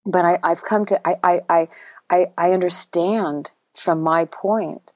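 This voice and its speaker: A middle-aged woman with a slightly low voice talks through her memories in a halting, searching way. She restarts and repeats herself as she reaches for words. The sound is dry and close, with no room behind her. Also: fairly even intonation, darkish tone, no room sound. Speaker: guest, writing workshop teacher for veterans. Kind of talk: emotional personal interview.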